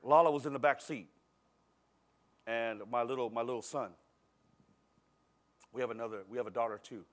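A middle-aged man preaching a sermon in a church service, telling a personal story in a conversational, animated way and swinging between quiet and loud. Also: medium pitch, normal speed, pauses often. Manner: animated, conversational, acts out scenes with shifting loudness. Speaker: pastor.

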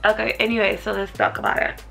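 A young woman talking casually in a vlog, chatty and profane, thinking out loud. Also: medium pitch, lively intonation, fast, creaky, soft background music. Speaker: vlogger.

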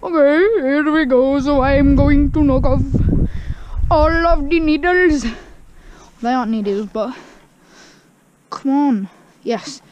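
Slow-talking high-voiced woman vlogger. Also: muffled recording, a little hiss or hum. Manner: chatty, self-mocking, hums silly tunes. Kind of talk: casual vlog commentary. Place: outdoor garden.

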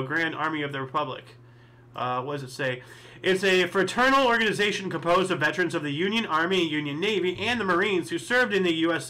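A man's voice: fairly high pitch, bright, forceful tone. A man hosting a history show, reading dates and thinking aloud in casual solo commentary with many fillers and asides.

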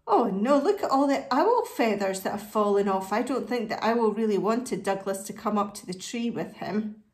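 Animated woman reading a picture book. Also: mid-range voice, moderate pace, roomy sound. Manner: animated, asks listeners questions. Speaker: storybook reader.

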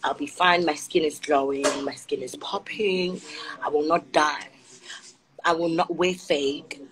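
Sassy South African woman, lowish voice. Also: steady tone, a little slow, crowd noise, rough recording. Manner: sassy straight talker, calls viewers honey. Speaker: Instagram live host. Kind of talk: casual chat on a live stream. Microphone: phone.

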